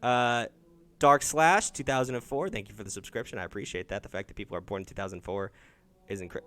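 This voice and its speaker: A man's voice: lowish voice, fast, a bit bright, dry recording. A man hosting a call-in dating stream, chatting casually, thanking viewers and swearing offhand. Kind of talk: casual live-stream chat.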